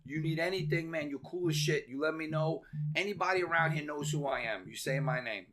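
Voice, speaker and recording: An imposing street gang figure barks blunt, swaggering slang, as a man puts him on while telling a story. The voice climbs high and sits bright and forward. He sounds like he owns the block. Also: a little fast, close to an everyday voice. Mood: friendly.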